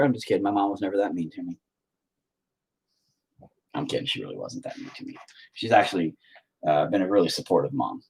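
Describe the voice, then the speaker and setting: A foul-mouthed man rants and jokes to his viewers while painting, his low, husky voice swinging widely up and down. He curses at nearly everything, including himself, in a loose, self-mocking way. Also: animated, moderate pace, pauses often, darkish tone, low-quality recording. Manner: profane, ranting, self-mocking. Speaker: painting vlogger. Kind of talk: casual talk while painting.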